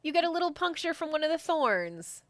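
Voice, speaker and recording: Woman game master, relaxed chatty narration, dry close mic. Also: high voice, a little fast, dry recording. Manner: casual and chatty, with many fillers.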